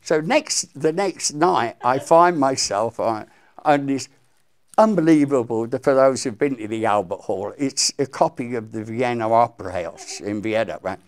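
In a storytelling interview, the older English guest musician recounts episodes from his music career in a mid-range voice at normal speed. He tells them animatedly, acting out every quote.

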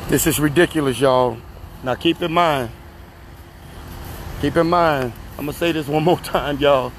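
A high-voiced man rants into his phone out on a street, upset and close to tears. He keeps repeating himself and swears a lot, climbing toward shouting. Faint street noise sits behind him. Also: a little slow. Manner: distressed, repetitive, profane, rising to shouting. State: tearful and agitated. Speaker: upset citizen filming himself. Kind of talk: emotional phone video rant. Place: outdoors on a street by a car.

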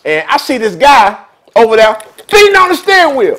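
A man hosts a vlog in a casual, storytelling style. His voice sits very high and swings widely in pitch. He talks in a chatty, animated, streetwise way. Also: moderate pace, rough recording. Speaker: vlog host.

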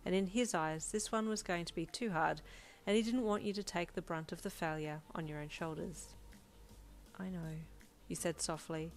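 A woman reading a fan fiction story aloud in a calm, steady narration. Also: fairly low pitch. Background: soft backing music.

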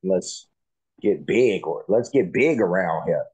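A man hosts a reaction video in a loose, rambling chat full of ums and restarts. His voice is very low and husky, with a dark, mellow tone. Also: animated, takes it slowly, poor audio. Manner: rambling, filler-heavy, friendly. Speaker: reaction channel host.

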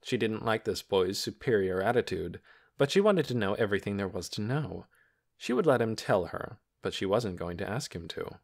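A man reading an audiobook in calm, measured scripted narration. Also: fairly low pitch, creaky.

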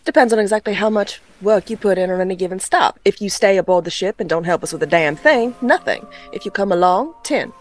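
A woman's voice: medium pitch, a little fast, few pauses, soft background music, close to an everyday voice. A woman voicing a sweet-talking, blunt female ship captain. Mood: businesslike.

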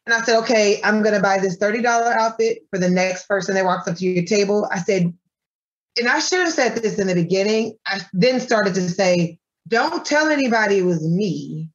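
Animated woman telling a story, muffled sound. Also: mid-range voice, normal speed. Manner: animated, acts out quoted dialogue with her voice. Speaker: guest, granola business owner. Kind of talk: casual storytelling in an interview.

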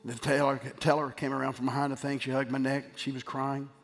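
A middle-aged male pastor preaches in a mid-pitched voice, swinging between forceful emphasis and hushed storytelling. His words ring out with a long church reverb, and soft music plays faintly underneath. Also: flat delivery, a little fast. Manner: emphatic preaching that drops to a quiet, tender storytelling tone. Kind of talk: sermon. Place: church sanctuary.

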